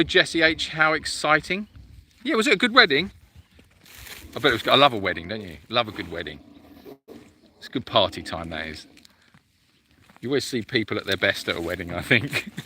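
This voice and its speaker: A man's voice: mid-range voice, animated, moderate pace, pauses often, bright, forceful tone, slight background noise. A man hosting a casual live-stream Q&A for an animal sanctuary. He chats and teases while reading out viewer comments, with frequent ums.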